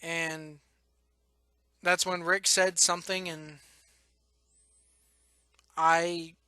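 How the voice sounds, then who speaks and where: Blunt man ranting, bright dry voice. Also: on the high side, level tone, clean tone, no room sound. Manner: frank, profane, emotional, halting restarts. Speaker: podcast host. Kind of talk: blunt personal rant.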